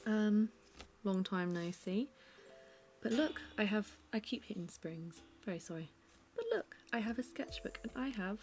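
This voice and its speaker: A woman's voice: medium pitch, measured pace, faint music behind. A young British woman chatting casually at home while she sketches, rambling and self-deprecating. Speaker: art vlogger. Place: her living room at home.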